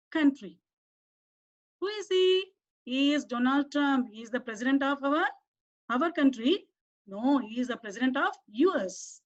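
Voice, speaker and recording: A woman teacher with an Indian English accent giving a lesson to young children, coaxing them with questions and asking them to repeat words. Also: sits high. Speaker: primary school English teacher. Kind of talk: online class lesson for children. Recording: dull lo-fi recording.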